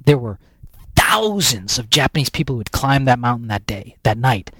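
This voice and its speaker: As a guest speaker, an American man tells an energetic story in storytelling-interview style, restarting sentences and repeating words. His mid-range voice swings widely in pitch at normal speed, sharp and slightly rough. It sounds close and dry, with no room sound.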